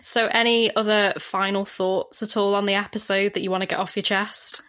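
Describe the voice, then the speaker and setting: A woman hosting a podcast, recapping an episode in relaxed casual chat and laughing often. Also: mid-range voice, normal speed. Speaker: podcast host.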